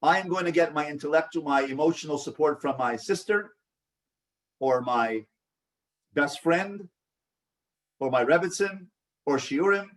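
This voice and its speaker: A man's voice: a little high, a little slow, long pauses, recorded from a distance. A man leading a support group, who coaches, asks the group questions and acts out sample replies. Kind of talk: teaching a live online group session.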